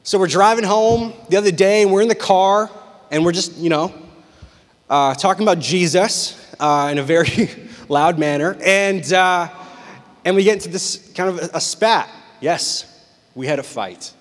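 A young man preaching a sermon, telling personal stories with intense, animated delivery that swings between loud and hushed. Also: high-pitched, moderate pace. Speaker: pastor. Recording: long hall reverb.

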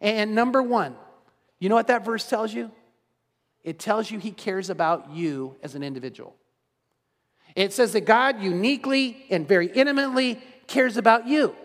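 Middle-aged male pastor, high voice, earnest preaching with restarts, long hall echo. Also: animated, moderate pace, fairly bright tone. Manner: earnest, repeats words, stumbles and restarts. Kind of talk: sermon.

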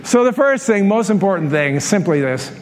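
A middle-aged man preaching a sermon, telling stories and acting out quoted lines with lively humor. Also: sits high, in a large hall. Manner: animated storytelling with acted-out quotes. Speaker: pastor.

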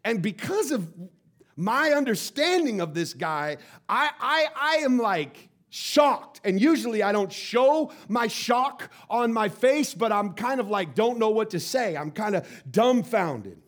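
Pastor, male, high voice, animated sermon storyteller who stammers and repeats. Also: a little slow.

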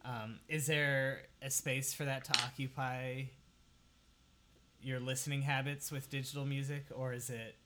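A young man hosting a casual talk, halting and filling pauses while he asks questions. Faint noise sits behind his voice. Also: medium pitch, flat delivery. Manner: hesitant, full of fillers, asks questions. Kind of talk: casual chat.

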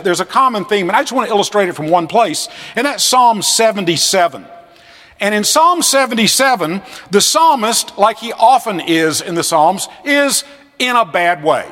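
A man giving a classroom lecture on scripture, animated and fond of acting out the voices he quotes. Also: high voice, big-room sound. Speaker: seminary lecturer.

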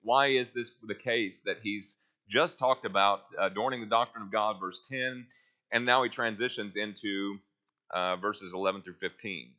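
A man's voice: fairly low pitch, steady tone, normal speed, bright, forceful tone, muffled recording. A man teaching a Bible class, reading verses aloud and asking his listeners questions that he then answers himself.

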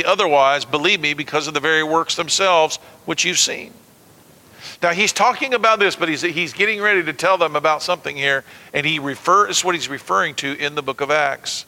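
Male pastor, high ringing bright voice, lively sermon, call-and-response with congregation, long hall reverb. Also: a little fast. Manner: animated, calls out to the congregation. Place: church sanctuary.

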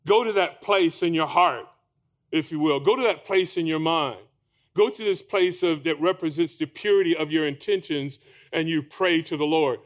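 A man's voice: on the high side, normal speed. A man preaching a sermon to a congregation, asking them rhetorical questions. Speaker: pastor.

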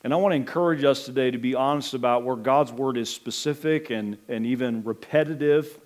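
Preaching to his congregation, this middle-aged man speaks with earnest, measured care. His voice sits in the mid range, and some hesitant fillers slip in.

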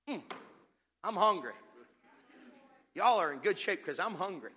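High, animated preacher in a reverberant hall. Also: male voice, fairly quick, vocal fry. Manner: dynamic call-and-response preaching, swinging between soft and shouted. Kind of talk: sermon. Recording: long reverb of a large hall.

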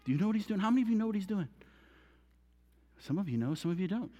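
A man giving a children's sermon in a church, swinging between hushed whispers and excited exclamations, with a reverberant hall sound. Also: high-pitched, rapid-fire. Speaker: children's minister.

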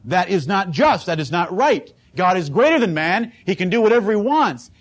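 A male pastor delivering a sermon in a high-pitched voice. He preaches with emphasis and drama, acting out the words of the people he quotes. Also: big pitch swings, normal speed.

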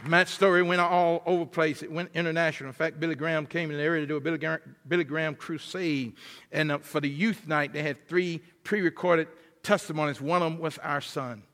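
A man giving a sermon as a guest preacher, emphatic and building toward near-shouts, often repeating words as he goes. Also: on the high side, steady tone, a little fast, a faint crowd. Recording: long hall reverb.

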